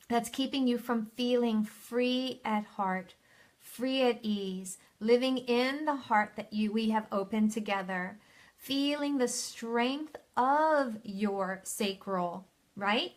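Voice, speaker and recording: Soothing spiritual coach, fairly high voice. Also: female voice. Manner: soothing, affirming, addresses viewers by name; reads viewer comments aloud. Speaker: spiritual coach hosting a live Q&A. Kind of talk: live-stream advice session. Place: at home.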